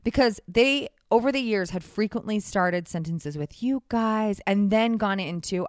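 Young woman, personal storytelling, wry and animated, dry close sound. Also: medium pitch, a little slow, hardly any pauses, no room sound. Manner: candid, animated, wry, acts out quoted voices.

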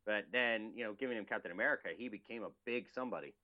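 Man, film podcast co-host, rapid rambling talk, low voice, muffled lo-fi sound. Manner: eager, rambling, repeats himself. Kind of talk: casual film chat. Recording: dull lo-fi recording.

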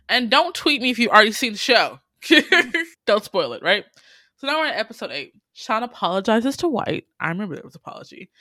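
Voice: mid-range voice, sharp tone, dry recording, studio quality. A podcast host casually recapping episodes, animatedly retelling scenes, acting out characters' lines and swearing freely.

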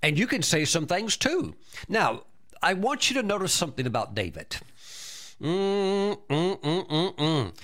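Emphatic preacher with frequent praise exclamations. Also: male voice, high-pitched, very animated, a little slow, a bit bright. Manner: repeats words and restarts often. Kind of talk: sermon.

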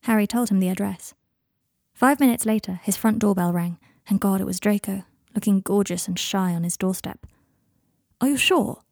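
Woman host, fanfic reading, gravelly voice, dry close sound. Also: mid-range voice, fairly even intonation, normal speed, darkish tone, dry recording. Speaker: podcast host and fanfic reader. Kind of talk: reading her own fiction aloud.

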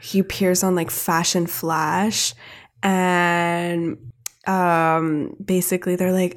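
Young woman podcast co-host, slightly low voice, filler-heavy casual chat. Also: slow pace, vocal fry. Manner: heavy use of "like" fillers, chatty and animated. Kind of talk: casual chat retelling a cartoon episode.

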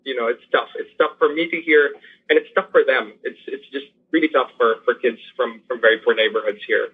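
A teacher who works with poor youth, speaking earnestly in an interview with frequent restarts and fillers. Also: male voice, medium pitch, brisk, breathy edge. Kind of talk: interview over a remote line. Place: lives in Manila. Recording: tinny phone-like line.

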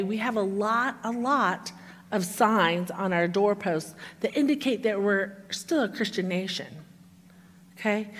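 A woman's voice: medium pitch, fairly bright tone, husky. A woman preacher delivering an earnest sermon, reading scripture with emphasis and dropping to near-whispers to stress points. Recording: echoey hall with long reverb.

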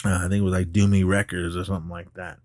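A man's voice: very fast, dry recording. Laid-back man recapping a movie. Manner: animated retelling, jumps up in pitch when quoting characters; laughs often while talking. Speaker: podcast co-host.

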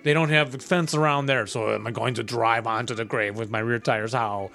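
Brief: male podcast co-host, playful quizmaster, casual banter, mid pitch. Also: fairly even intonation, a little fast, vocal fry, fairly bright tone. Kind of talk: casual chat quizzing on game rules.

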